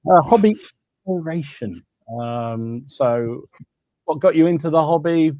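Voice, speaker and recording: A man's voice: a little high, animated, measured pace, a little mellow, no echo. A man hosting a live hobby podcast, chatting casually, greeting viewers by name and laughing often. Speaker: podcast host. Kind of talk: casual live-stream chat.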